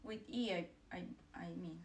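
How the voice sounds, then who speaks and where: A woman's voice: lowish voice, moderate pace, slight background noise. A young woman whose first language is Spanish, teaching a beginner language lesson and patiently drilling each vowel and word over and over.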